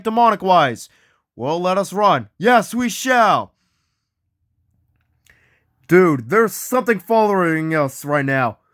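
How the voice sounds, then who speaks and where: A man hosting an acted ghost hunt, excitable and often yelling out names. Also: high voice, no room sound, studio quality.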